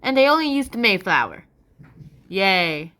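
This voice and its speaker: Animated, jokey woman explaining history. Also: sits high, normal speed. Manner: animated, jokey, adds sound effects. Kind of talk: playful casual history lesson.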